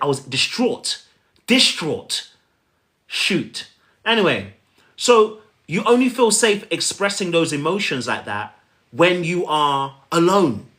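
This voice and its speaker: Man, coaching talk to camera; slightly high, animated, repeats himself for emphasis. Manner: animated, repetitive, talks straight to the viewer. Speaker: relationship coach.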